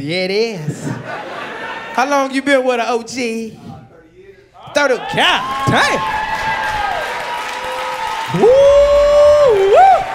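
A young man doing loud, profane crowd-work roast comedy on a comedy club stage. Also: very high-pitched. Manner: loud, shouting, laughing, profane. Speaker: stand-up comedian. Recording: loud crowd and room noise.

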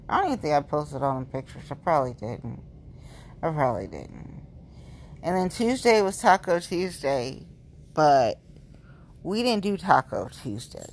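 A woman's voice: on the low side, slight background noise. A woman in her late thirties chatting casually as a vlogger, rambling and gushing, repeating herself, a little tipsy. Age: late 30s. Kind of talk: casual chat.

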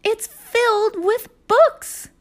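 A woman voicing an imaginative, excitable seven-year-old girl in a children's story read-aloud, calling out eagerly. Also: sits high, slow pace, pitched above the performer's own voice, full character voice. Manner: excited, shouting.

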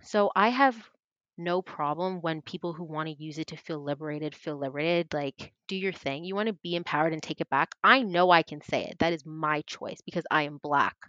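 A young woman in her twenties, a podcast guest telling her story in casual chat, earnest and animated, acting out what others said. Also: deep voice, moderate pace, no room sound, highs cut off. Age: 20s. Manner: earnest, animated, acts out quoted voices.

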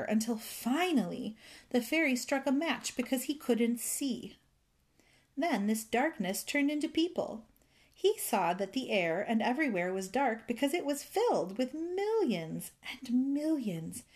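A woman reading a children's fairy tale aloud in a gentle, rhythmic way, savoring its repetitions. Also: sits high. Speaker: storyteller.

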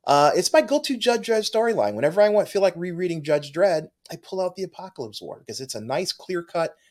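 A man's voice: high voice, big pitch swings. A man co-hosting a comic book show, talking eagerly in casual chat with frequent restarts. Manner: enthusiastic, halting, full of restarts. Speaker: comic book podcast co-host.

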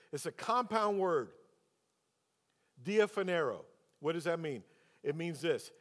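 A man preaching as a pastor, telling a personal story and then pressing the congregation with rhetorical questions. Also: on the high side. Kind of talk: sermon. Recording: long hall reverb.

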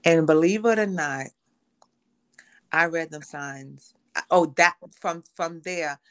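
A woman's voice: sits low, slow pace. A woman guest on a podcast, telling a personal story of faith and illness in conversation and acting out the voices of the people in it. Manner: storytelling, acts out quoted voices.

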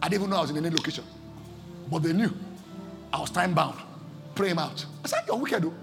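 A Nigerian-accented man preaching a sermon as pastor, impassioned, swinging between shouts and low pleading, in a church service. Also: quick pace, creaky, pauses often, faint music behind.

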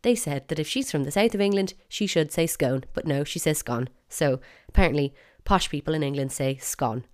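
A woman with an Irish accent talks her listeners through her podcast with a deep, low-pitched voice. She is chatty and opinionated and leans playfully on words she wants to stress. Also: moderate pace, hardly any pauses, darkish tone. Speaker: podcast host. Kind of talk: solo podcast monologue.

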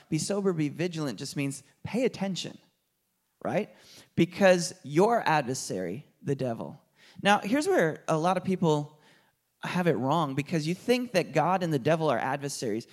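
A man preaches to a congregation in an easy, conversational sermon style, joking along the way. His voice sits a little high for a man, and he climbs to loud, passionate peaks as he presses his point. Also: very animated, moderate pace. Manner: conversational preaching with jokes and rising intensity. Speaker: pastor.

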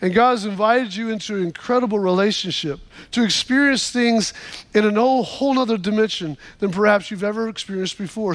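A man preaching a sermon as pastor. He tells stories to the congregation and often restarts his words. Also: high-pitched. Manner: storytelling, repeats words in restarts, calls for amens.

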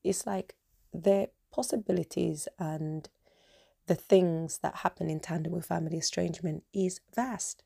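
A woman's voice: lowish voice, fairly even intonation, unhurried, vocal fry, dark tone, slightly rough. A woman hosting a solo podcast, talking earnestly and passionately, repeating her points for emphasis. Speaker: podcast host. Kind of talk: emotional solo podcast monologue.

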